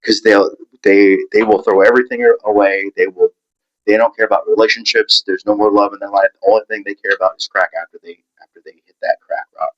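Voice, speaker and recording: A man telling a personal story in a halting, rambling way, full of restarts and fillers, acting out the voices of people he met. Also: on the low side, steady tone, highs cut off.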